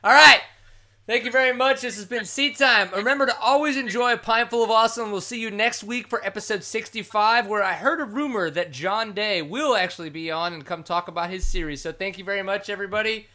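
A man's voice: high-pitched, fast, hardly any pauses, pushed and bright. Brash joking male podcast host. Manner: brash, joking, crude humor. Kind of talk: casual chat.

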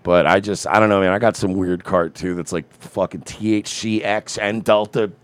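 A man's voice: low voice, fairly even intonation, normal speed. A man co-hosting a casual chat, teasing and crude in his banter.

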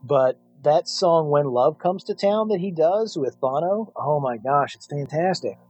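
A man's voice: on the high side, animated, a little slow, darkish tone, breathy edge, no room sound. A middle-aged American man co-hosting a music podcast, chatting with eager enthusiasm. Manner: enthusiastic, laughing easily. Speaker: podcast co-host. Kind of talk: casual chat about music.

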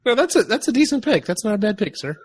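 A man's voice: sits high, very animated, quick pace, slightly rough, no room sound. A man hosting a casual podcast chat, rambling with restarts and swearing now and then. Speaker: podcast host.

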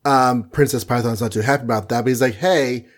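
A man's voice: medium pitch, fairly even intonation. A playful man recapping comics. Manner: playful, retells scenes with quick mock voices. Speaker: podcast co-host recapping comics. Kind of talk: casual chat.

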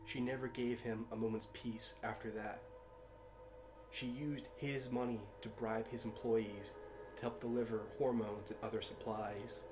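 Slow, grave male storyteller. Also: fairly low pitch, level tone. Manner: slow, measured, grave delivery. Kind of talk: dramatic fiction reading.

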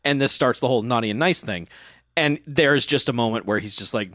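A man's voice: medium pitch, a little fast, no room sound, studio quality. A man co-hosting a podcast, joking about a movie and jumping in with laughing asides and voiced quotes. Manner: laughing, animated, jumps in with jokes and voiced quotes. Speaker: podcast co-host. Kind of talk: casual chat recapping a movie.

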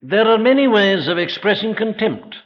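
A man preaching an evening sermon in a church, earnest and rhetorical, putting questions straight to his listeners and slowing down to stress key phrases. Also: sits high, animated. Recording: dull lo-fi old sermon recording.

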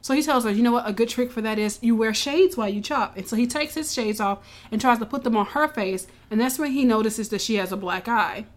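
A woman recapping a show in casual, animated storytelling, swearing freely and acting out the characters' lines. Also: a little high, quick pace, few pauses. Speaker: podcast co-host recapping a show.

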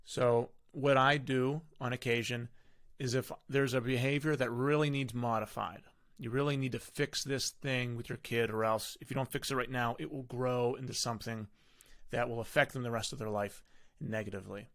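Gravelly-voiced man hosting a parenting podcast. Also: mid-range voice, steady tone, moderate pace, a bit bright. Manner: conversational, with frequent fillers and self-corrections. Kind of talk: casual solo podcast talk.

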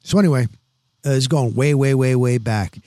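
A man in his sixties, a veteran sports reporter, telling stories on a podcast in an animated, rapid-fire way, full of "boom" and "blah, blah, blah". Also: dry recording, studio quality. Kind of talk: casual podcast storytelling.

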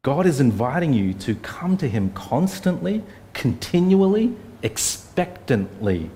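A man's voice: medium pitch, mellow. A man, preaching an earnest, conversational sermon full of rhetorical questions. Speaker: pastor.

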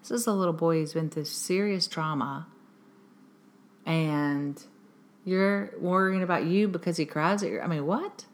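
Earnest low-voiced woman podcast host. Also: a little slow. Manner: earnest, emphatic, repeats her points. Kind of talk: casual podcast talk giving parenting advice.

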